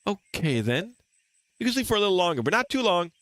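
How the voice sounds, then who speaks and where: A man voicing a cheerful young female companion, chirpy and teasing, in a high sing-song voice. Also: sing-song, fast talker, fairly bright tone, no room sound.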